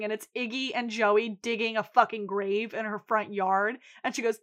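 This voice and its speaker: A woman's voice: on the high side, normal speed, hardly any pauses. A woman co-hosting a podcast, recapping an episode in casual chat and acting out the quotes. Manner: animated storytelling, acts out quotes. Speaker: podcast co-host.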